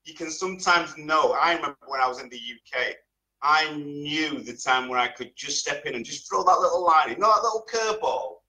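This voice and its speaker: A man's voice: fairly high pitch, animated, fairly quick, sharp tone, low-quality recording. A man guesting on a podcast, speaking his mind in casual chat with firm, emphatic opinions. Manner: emphatic, opinionated, drops in punchlines.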